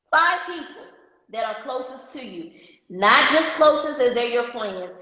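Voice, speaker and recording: A woman's voice: fairly high pitch, a bit bright. A woman coaching a business class on a live stream, emphatic, repeating her key points and checking in with the audience. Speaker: marketing coach. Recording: echoey dull-sounding live stream audio.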